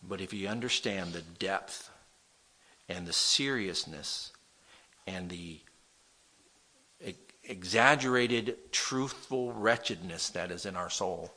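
A man pastor preaching an impassioned sermon in a church, swinging from loud appeals to hushed prayer. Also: low-pitched, takes it slowly, pauses often.

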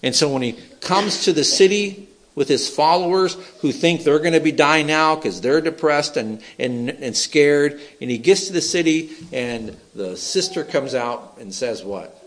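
A male pastor delivers a lively sermon, his voice sitting a little higher than most men's. He teaches with humor and swings between loud, acted-out scripture voices and quiet asides. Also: unhurried. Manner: animated preaching, acting out Bible voices with humor.

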